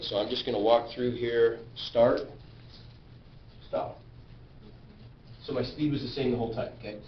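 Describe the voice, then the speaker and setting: A man's voice: mid-range voice, fairly even intonation, normal speed, long pauses. A man teaching physics in a classroom, stopping often to ask the class questions and check they follow. He sounds far from the camera, with a roomy echo, a dull muffled tone and a faint hiss underneath. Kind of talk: classroom lecture. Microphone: camera at a distance.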